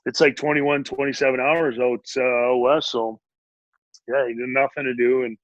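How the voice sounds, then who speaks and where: A man's voice: medium pitch, little pitch movement, normal speed, dry recording, dull audio. A man in his forties, a guest, telling stories in a rambling, casual way at home with frequent laughs. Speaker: guest, former pro hockey player. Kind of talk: casual storytelling. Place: home, family nearby.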